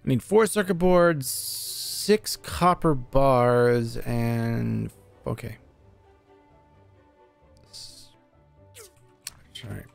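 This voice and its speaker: A man's voice: medium pitch, very slow, gravelly, pauses often, soft background music. A young man streamer chatting casually and cursing freely while playing a game and talking to his viewers. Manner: chatty, profane, talks to chat. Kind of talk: casual live gameplay commentary.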